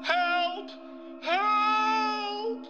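A man's voice: extremely high pitch, flat delivery, drawn-out words, lo-fi sound, loud music behind the voice, pitched above the performer's own voice, full character voice. A man voicing a panicked male rocket captain in a strained, wailing voice. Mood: terrified.

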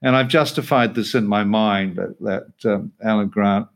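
Self-deprecating actor man, low-voiced. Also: moderate pace, gravelly. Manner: self-deprecating, laughing, hesitant. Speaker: actor, interview guest. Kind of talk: relaxed interview storytelling.

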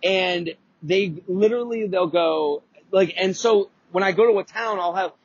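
Man, podcast host, casual storytelling rant, rambling, swears, high voice, dull dry sound. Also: a little slow, husky, no room sound. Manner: rambling, profane, lots of restarts and fillers.

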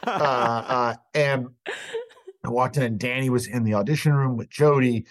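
A man telling stories as a podcast guest, casual and profane, riffing with animated energy. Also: medium pitch, normal speed, dry recording. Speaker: guest actor. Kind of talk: casual podcast chat, storytelling.

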